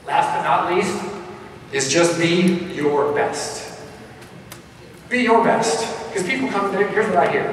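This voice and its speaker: A man giving a live motivational keynote, punchy and energetic, talking straight to the crowd. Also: high-pitched, measured pace, long pauses, slight background noise. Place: large event hall. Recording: echoey hall recorded from far off.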